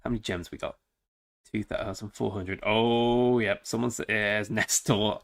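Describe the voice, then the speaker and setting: A man's voice: lowish voice, steady tone, unhurried, vocal fry. A man chatting casually and joking while streaming a strategy game. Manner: chatty, joking, talks to chat. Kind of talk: casual live-stream chat.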